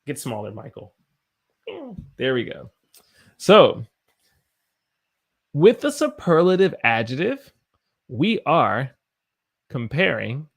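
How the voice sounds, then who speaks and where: An American man teaching English on a live stream, with a lively voice that swings up and down in pitch. He reads out viewer comments and jokes around between explanations. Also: takes it slowly, gravelly, pauses often, breathy edge. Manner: lively, animated delivery, reads chat messages aloud and jokes with viewers. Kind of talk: live-streamed English lesson, reading chat aloud.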